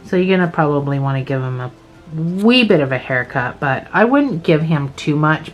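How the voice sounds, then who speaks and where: A woman's voice: sits low, poor audio. Chatty Scottish woman teaching crochet. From Scotland. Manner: chatty and self-deprecating, thinking aloud. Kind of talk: casual step-by-step craft tutorial.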